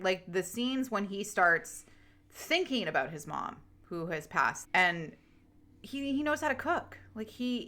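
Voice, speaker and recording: Gushing woman podcast host. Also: medium pitch. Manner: gushing, animated, casual profanity. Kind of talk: casual podcast chat.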